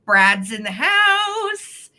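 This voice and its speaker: A woman's voice: high-pitched, big pitch swings, extremely slow, bright, forceful tone. A woman hosting a live online vintage sale in casual chat, bubbly and greeting viewers by name.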